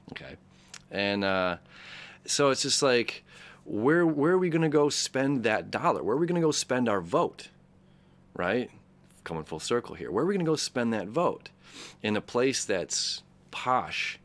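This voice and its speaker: A man hosting an astrology talk, loose and conversational, full of fillers and restarts, often checking in with "right?" and "okay?". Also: on the low side. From Detroit, Michigan area. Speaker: astrology channel host. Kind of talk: casual rambling commentary.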